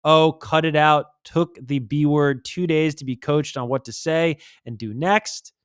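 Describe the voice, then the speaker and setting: A man's voice: fairly high pitch, fairly even intonation, a little slow, smooth, dry recording, clean studio sound. A man hosting a casual music livestream, reading posts aloud and adding wry asides.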